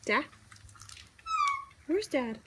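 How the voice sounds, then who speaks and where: A woman's voice: high voice, sing-song, drawn-out words. A young mother in a home video, coaxing her toddlers to say words in a sing-song voice. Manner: coaxing sing-song talk to small children. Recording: noisy home recording.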